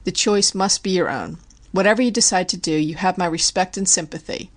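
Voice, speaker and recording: Woman narrator as a formal, grave district attorney, slightly low voice. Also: fairly quick, natural voice. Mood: earnest. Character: stern but moved male district attorney.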